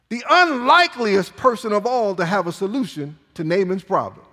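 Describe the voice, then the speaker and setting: A man's voice: high-pitched, normal speed, sharp tone. A male pastor preaching a sermon in a dramatic, emphatic way, with sudden swings in volume. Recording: long reverb in a large hall.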